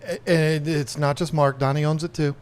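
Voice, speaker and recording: A man's voice: a little high, fairly even intonation, normal speed, clear, resonant tone. Rambling, enthusiastic man in his fifties. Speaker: podcast co-host. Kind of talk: casual chat.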